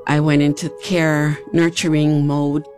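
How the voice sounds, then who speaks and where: A woman's voice: low voice, little pitch movement, measured pace, a little mellow. A woman, a hula dancer telling her own story in an earnest, reflective way. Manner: earnest, reflective, recalls events step by step. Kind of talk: personal storytelling. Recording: music playing underneath. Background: background music.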